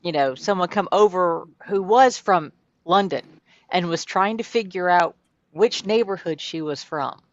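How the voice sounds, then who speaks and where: Woman, slow and amused, dry muffled recording. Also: on the low side, no echo. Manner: amused, laughing storyteller. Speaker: panelist, mother. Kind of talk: casual storytelling chat. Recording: dry, dull lo-fi audio.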